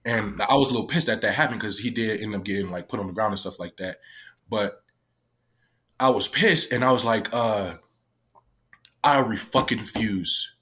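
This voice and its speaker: A man's voice: fairly low pitch, fairly quick, a bit bright. A man casually recounting a personal story, candid and emotional, swearing often and acting out what others said. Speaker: guest, former youth detention worker.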